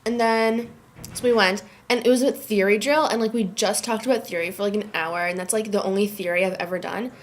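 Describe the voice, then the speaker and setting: A woman's voice: medium pitch, fairly even intonation, brisk. A teenage girl who is sick and tired, chatting casually to her webcam from a dorm room and filling every phrase with "like". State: sick and worn out. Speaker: vlogger. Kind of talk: casual chat to camera. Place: dorm room at a summer camp.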